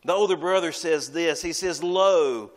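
Male pastor, emphatic preacher who repeats lines, a touch high-pitched. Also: unhurried. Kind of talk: sermon.

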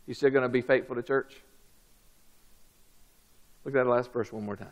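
A man preaching a sermon, swinging from loud, high outbursts down to low, quiet lines. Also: steady tone, moderate pace, long pauses.

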